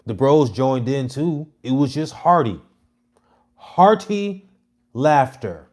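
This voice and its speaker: A man's voice: mid-range voice, a little slow. Brash, mocking man in his thirties. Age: 30s. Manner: brash, mocking, swings between loud jabs and muttered asides. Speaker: comedy content creator. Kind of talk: casual provocative monologue.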